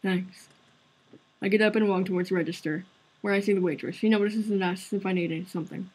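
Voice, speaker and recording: A woman's voice: mid-range voice, fairly even intonation, quick pace, darkish tone, husky, rough recording. A woman streaming a visual novel, narrating its story aloud in an earnest, conversational way. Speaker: game streamer.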